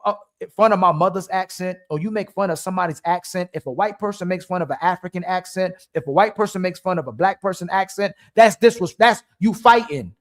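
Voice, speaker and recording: A man co-hosting a live stream, talking in a heated, rapid way and often repeating himself. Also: high voice. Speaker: stream co-host.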